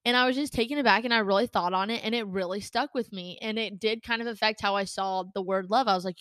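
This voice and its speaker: A woman's voice: a little high, fairly even intonation, fairly quick, fairly bright tone, dry recording, clean studio sound. A young adult woman hosting a faith podcast, talking casually in a chatty, rambling way with many fillers. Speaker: podcast host.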